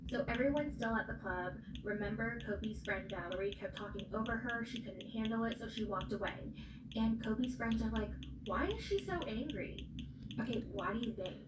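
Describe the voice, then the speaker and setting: A woman's voice: a little high, expressive, moderate pace. Chatty woman recapping in an echoey room. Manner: chatty, opinionated, acts out quotes with put-on voices. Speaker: recap vlogger. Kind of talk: casual reality TV recap. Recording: echoey room, distant mic, audible noise.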